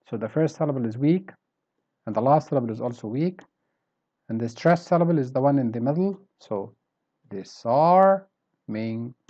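A man teaching vocabulary in a recorded lesson. He talks deliberately and repeats each word with exaggerated stress. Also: mid-range voice, highs cut off.

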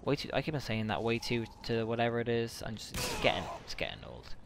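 A young man giving casual gameplay commentary, excitable and swearing often, with sudden outbursts. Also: mid-range voice, fast talker, gravelly, noisy background. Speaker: gaming channel host.

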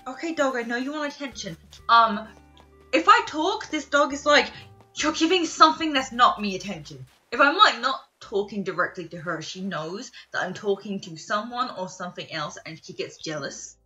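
A young woman streamer rambling in casual chat, excitable, with lots of fillers and laughs. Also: medium pitch. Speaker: gaming streamer.

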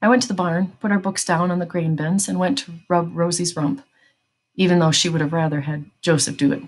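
Read-aloud narrator: low-pitched woman, tense and measured. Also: steady tone. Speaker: narrator reading a novel aloud.

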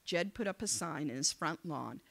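A woman giving a motivational speech to young people, telling a story in an animated, conversational way and acting out the dialogue. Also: low voice, normal speed, creaky, husky. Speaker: keynote speaker. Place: event venue.

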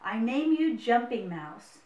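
Woman doing calm wise magic frog lady, encouraging, echoey. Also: on the high side, slow, recorded from a distance, highs cut off. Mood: kindly. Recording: roomy, mic set away.

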